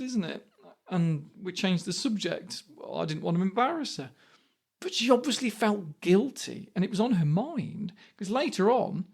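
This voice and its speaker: A man's voice: high-pitched, a little mellow. A man in his fifties hosting a podcast, talking through ideas and asking rhetorical questions. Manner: conversational, asks rhetorical questions. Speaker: podcast host. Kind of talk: reflective podcast monologue.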